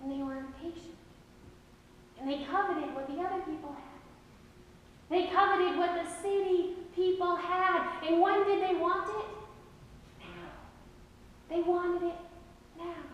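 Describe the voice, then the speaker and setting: A woman pastor telling a Bible story in an animated sermon, acting out the voices of its people. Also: very high-pitched, normal speed, highs cut off, a little hiss or hum. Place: large church sanctuary. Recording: echoey hall from far off.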